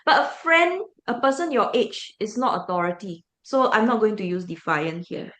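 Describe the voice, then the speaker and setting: A woman's voice: medium pitch, sing-song, normal speed, a bit bright. A woman teacher with a Singaporean English accent walks a class through how to answer questions. She keeps asking the students questions and then answering them herself. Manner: explanatory, asks the class rhetorical questions.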